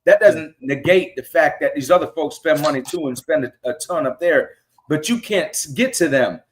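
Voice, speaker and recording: A middle-aged man with a slightly high voice tells stories on a casual podcast. He jumps into quoted lines and voices the people he talks about. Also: normal speed. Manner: animated storyteller acting out quotes. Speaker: guest fan.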